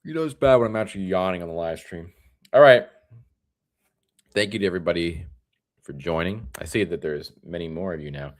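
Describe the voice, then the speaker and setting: A young man from Florida hosting a casual live stream, rambling in a tired, relaxed way. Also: low-pitched. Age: young adult.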